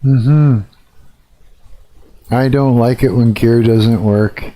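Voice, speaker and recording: A man's voice: mid-range voice, steady tone, very slow, mellow. A man live streaming, ranting and swearing in a casual chat with his viewers.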